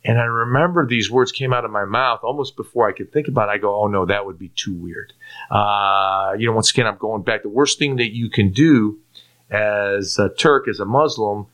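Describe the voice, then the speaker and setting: A man's voice: lowish voice, normal speed. A man from Turkey giving a personal faith testimony as a guest, acting out his own past lines and restarting often with repeated words. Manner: animated storyteller who acts out his own past lines; frequent repeated-word restarts.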